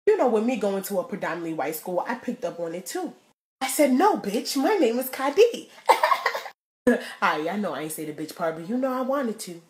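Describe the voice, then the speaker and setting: Animated profane young woman comic. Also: medium pitch, echoey room. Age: young adult. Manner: profane, animated, acts out voices. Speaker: comedian. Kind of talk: comedic storytelling.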